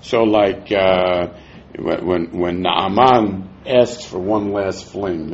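A man teaching a Talmud class, explaining verses in a lively way with frequent chuckles, on a dull lo-fi recording. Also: deep voice, slow pace, slight background noise.

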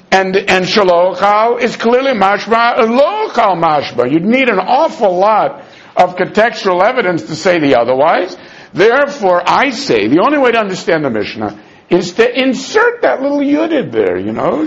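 A man teaching a Talmud lesson in an argumentative, animated way, dropping in Aramaic terms and restarting his sentences. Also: high-pitched. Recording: dull lo-fi recording.

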